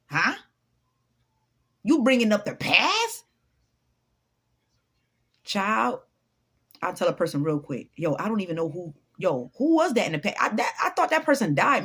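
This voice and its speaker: Husky, blunt motivational woman. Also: mid-range voice, fairly bright tone. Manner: blunt, profane, preachy. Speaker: motivational vlogger. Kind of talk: unscripted motivational talk.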